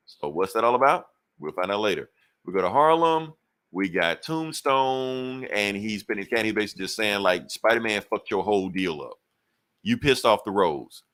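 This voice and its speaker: Man, low-pitched, casual podcast recap, profane, acts out character lines. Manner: animated retelling with quick voices for characters; profane, loose and conversational. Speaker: podcast co-host. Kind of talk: casual comic book recap.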